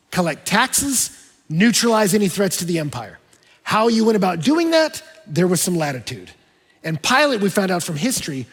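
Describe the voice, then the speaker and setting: A man preaches an expository sermon in a large church auditorium. His voice is husky and sits a little high, dropping to hushed lows and rising to emphatic peaks. A long hall reverb trails his words. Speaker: pastor.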